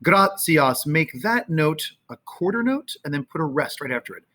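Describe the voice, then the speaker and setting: Man, choir teacher, slightly high voice, casual, sings drawn-out demo phrases. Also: big pitch swings, a bit bright. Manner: sings and chants phrases slowly to demonstrate; conversational with fillers. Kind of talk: choral rehearsal instruction. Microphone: camera, sometimes moving off it.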